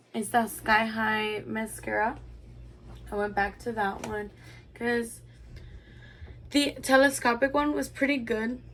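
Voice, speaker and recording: A young beauty vlogger with a high, creaky, bright voice and a forceful tone tells a personal story while doing her makeup. She's chatty and rambling, full of "like," with slight background noise.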